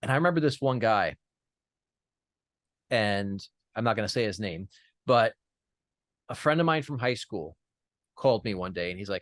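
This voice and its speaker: A man's voice: on the low side, animated, normal speed, pauses often, dry recording, clean studio sound. A man as an interview guest, telling a personal story in an earnest way, with many fillers and restarts.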